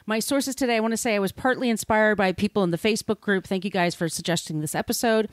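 A woman's voice: mid-range voice, quick pace, no echo, studio quality. A woman hosting a podcast in a casual, irreverent way, swearing freely. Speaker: podcast host.

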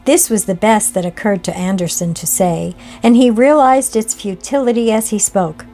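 A woman reads an old ghost story aloud at a deliberate, measured pace. Her voice sits at an ordinary middle pitch, with faint music beneath the narration. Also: mellow. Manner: slow, measured reading.

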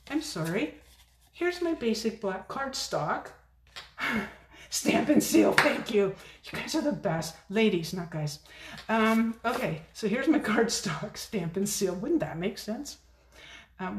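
A middle-aged woman chats her way through a card-making demo, rambling and laughing at her own forgetfulness. Her voice sits at an ordinary pitch and rings a little in an echoey home craft room, with faint noise underneath. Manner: chatty, self-deprecating, fast-talking. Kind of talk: casual crafting tutorial chat.

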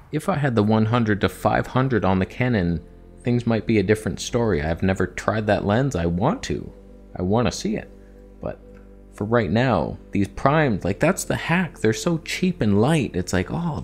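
A young man talking casually in a vlog, animated, swearing and talking to himself as he reviews cameras. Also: medium pitch.

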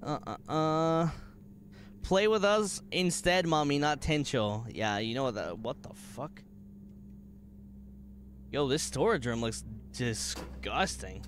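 A man streaming a video game, reacting out loud in an excitable way, swearing and jumping to sudden shouts. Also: on the high side, slow pace, long pauses, a little hiss or hum. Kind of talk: gaming livestream commentary.

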